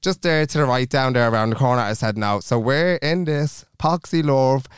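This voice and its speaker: A man's voice: medium pitch, moderate pace, smooth, dry recording, clean studio sound. A young Irish man co-hosting a podcast, telling a rambling story in casual chat and acting out the other people's lines. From Ireland. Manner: animated, swearing, acts out quotes. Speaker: podcast co-host.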